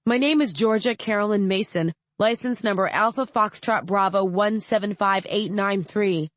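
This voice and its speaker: A woman's voice: medium pitch, moderate pace, dry recording, voice pushed up, natural voice. Woman voicing young female journalist, defiant, clipped, audiobook.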